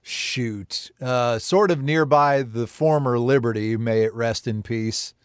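A man's voice: mid-range voice, slow pace, smooth, no room sound, clean studio sound. A man hosting a podcast, talking in a chatty, enthusiastic and rambling way. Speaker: podcast host. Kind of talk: casual podcast talk.

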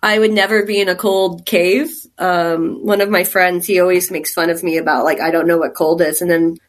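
A woman's voice: lowish voice, level tone, moderate pace. A woman from Texas, a caver, telling stories in a rambling, chatty way during a casual interview, laughing often. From Texas, USA. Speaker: guest caver.

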